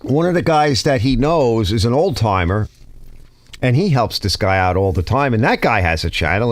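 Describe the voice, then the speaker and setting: A man's voice: mid-range voice, no echo. A man with a New York accent, hosting his own channel, rambling casually to viewers and often restarting his sentences. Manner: rambling, restarts sentences, reads comments aloud. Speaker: YouTube channel host.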